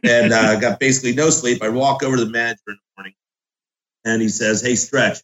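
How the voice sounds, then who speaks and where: A man appears as a guest chef and tells his stories bluntly, with plenty of swearing. His voice sits at a middling pitch, and he keeps the chat casual and direct. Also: fairly even intonation, fast, fairly bright tone, poor audio. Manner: blunt, profane storyteller.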